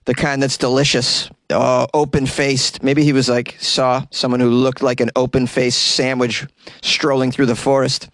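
A man's voice: medium pitch, steady tone, moderate pace, a bit bright, dry recording, clean studio sound. A man hosting a comedy news podcast, reading stories aloud and breaking off into sarcastic rants, recorded in a small closet.

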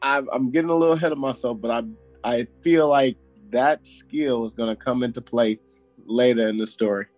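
A man's voice: medium pitch, steady tone, a little fast, darkish tone, no room sound, faint music behind, rough recording. A man co-hosting a podcast, reacting playfully and teasing the host as the story goes on. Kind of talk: casual chat, reacting and joking.

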